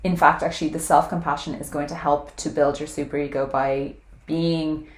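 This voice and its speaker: A woman's voice: low voice, flat delivery, normal speed. A woman vlogging to camera, talking frankly and earnestly about self-compassion and weight loss, now and then swearing casually. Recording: echoey room.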